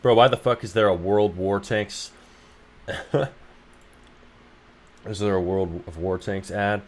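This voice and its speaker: A man's voice: on the low side, steady tone, slow, pauses often. A young man streaming game development who jokes, swears freely and reads his chat aloud. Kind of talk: casual livestream chat.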